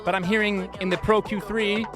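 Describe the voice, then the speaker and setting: A male mixing engineer giving an animated studio tutorial, with playful asides to viewers. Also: high voice, a little fast, music in the background.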